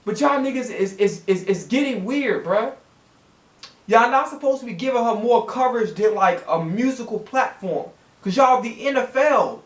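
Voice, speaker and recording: A man ranting profanely as a sports reaction vlogger, exasperated and swinging his pitch up and down as he talks. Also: expressive, moderate pace, reverberant.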